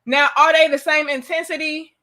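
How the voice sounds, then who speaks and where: A woman's voice: high voice, little pitch movement, moderate pace, sharp tone. A young woman hosting a casual live-stream chat, playful and teasing, laughing often. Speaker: host.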